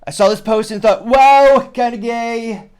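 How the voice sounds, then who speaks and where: A man putting on an exaggerated impression of a brash older male politician, loud and strained. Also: extremely high pitch, measured pace, clean tone, pitched above the performer's own voice. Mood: mocking.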